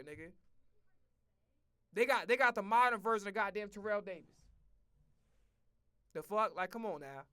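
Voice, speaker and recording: A man's voice: high voice, animated, normal speed, long pauses, a bit bright, clear, resonant tone. A man streaming a casual football rant, blunt and profane, full of slang and repeated phrases. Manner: profane, blunt, heated ranting.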